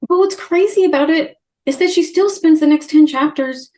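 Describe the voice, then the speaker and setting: A woman's voice: sits high, normal speed. A young woman co-hosting a podcast, casually recapping a book and acting out the characters' lines. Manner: animated retelling, acts out characters' lines. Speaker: podcast co-host. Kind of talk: casual book-club chat.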